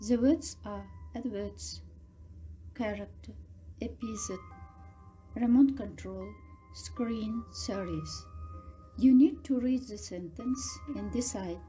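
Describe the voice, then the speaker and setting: A woman English teacher, giving slow, careful instructions to her pupils. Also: fairly high pitch, mellow, faint music behind. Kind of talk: recorded classroom instruction.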